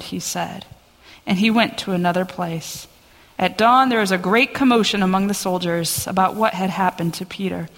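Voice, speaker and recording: A woman pastor giving a sermon and reading scripture aloud in an earnest, steady voice, in a church sanctuary. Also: fairly low pitch, moderate pace. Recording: long church reverb.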